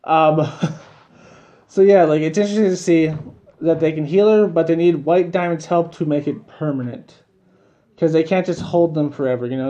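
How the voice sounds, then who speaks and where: A man's voice: a little high, moderate pace, dark tone, muffled recording. A man giving a casual, rambling video review of a cartoon episode, repeating himself and chuckling between points.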